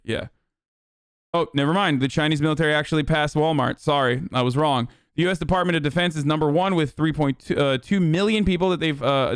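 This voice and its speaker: A man's voice: fairly high pitch, smooth, no room sound, clean studio sound. A man hosting a stream, giving heated, profane casual political commentary. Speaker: streamer host.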